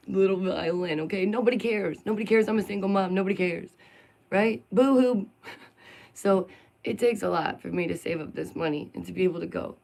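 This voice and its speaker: A middle-aged woman venting to her channel in a casual, emotional monologue. Her voice sits on the low side for a woman. She stays animated throughout and keeps laughing between points. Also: low-quality recording. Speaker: vlogger.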